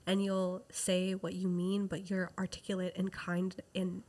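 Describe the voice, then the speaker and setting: A woman's voice: lowish voice, monotone, a little slow, darkish tone. A woman in a casual chat, supportive and chatty with her co-host.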